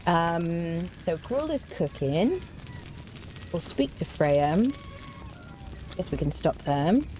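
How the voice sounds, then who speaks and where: A woman's voice: lowish voice, big pitch swings, slow, a little mellow, a little hiss or hum. A woman streaming a survival game, talking casually and mocking herself, humming between remarks. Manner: chatty and self-mocking, hums to herself. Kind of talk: casual gameplay commentary.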